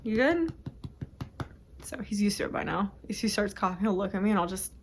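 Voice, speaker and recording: A woman's voice: medium pitch, flat delivery, fast talker, slight background noise. A young woman chatting casually about books at home for her vlog, rambling and interrupting herself. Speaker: book vlogger. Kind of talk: casual chat.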